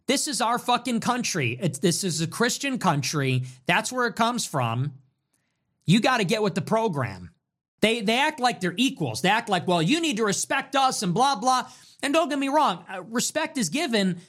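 A man's voice: high voice, a bit bright. A man hosting his own show, delivering a heated, profane and mocking commentary rant. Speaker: show host.

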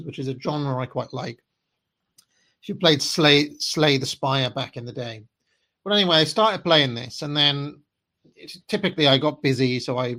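A man's voice: mid-range voice, a bit bright. Chatty rambling man. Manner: chatty and rambling, with frequent fillers and laughs. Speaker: podcast host. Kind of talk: casual monologue to listeners.

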